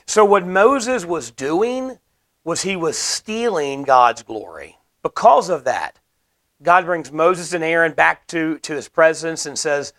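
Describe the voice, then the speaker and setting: A man's voice: on the high side, lively intonation, slow, fairly bright tone. Earnest man preaching a sermon. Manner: earnest, explanatory preaching with emphatic repetition.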